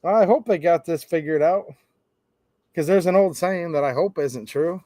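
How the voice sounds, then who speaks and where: A man's voice: a little high, moderate pace, darkish tone, no room sound. A man giving a sarcastic opinion monologue on gun laws, acting out both sides of imagined conversations. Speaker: gun rights commentator.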